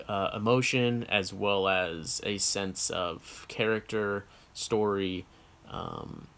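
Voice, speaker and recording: A man's voice: medium pitch, fairly bright tone, smooth. A man from the United States chats casually as a co-host, working through viewer questions one at a time. His voice sits in an ordinary mid range for a man. He talks frankly and rambles, with lots of ums and restarts as he thinks aloud. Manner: rambling, frank, with many fillers and self-corrections. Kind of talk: casual chat.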